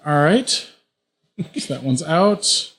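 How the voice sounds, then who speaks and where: A man's voice: on the high side, very animated, slow pace, fairly bright tone. A man running a tabletop game as game master, describing the action vividly with frequent restarts.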